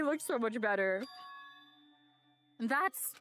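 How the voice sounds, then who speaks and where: A woman with a high voice playing through a story game, excitable, casual swearing, faint game music. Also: a little slow. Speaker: let's play streamer. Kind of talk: game playthrough, reading aloud and commenting.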